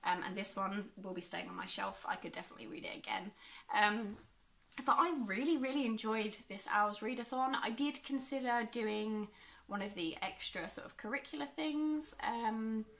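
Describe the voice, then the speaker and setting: In a casual book review chat, a young English book vlogger talks through what she's been reading at a normal speed. Her mid-range voice is fairly bright with fairly even intonation, and she's self-deprecating, peppering her talk with ums.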